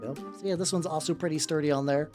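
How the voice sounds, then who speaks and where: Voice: mid-range voice, fairly even intonation, fast talker, music in the background. A streamer chatting casually while painting miniatures, rambling with many stammered restarts and casual swearing.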